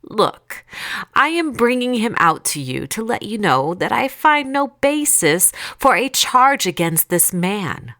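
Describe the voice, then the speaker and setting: A woman's voice: medium pitch, sing-song, takes it slowly, a bit bright, voice pushed up, full character voice. A woman voicing a stern but uneasy male Roman governor who pleads and reasons with a crowd. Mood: insistent.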